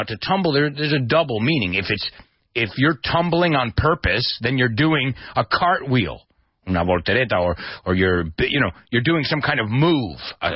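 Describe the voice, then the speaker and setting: A man hosting a radio English lesson as DJ and teacher, animated and demonstrative, spelling out words and acting out their meanings. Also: mid-range voice, husky, no room sound, muffled recording. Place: radio studio.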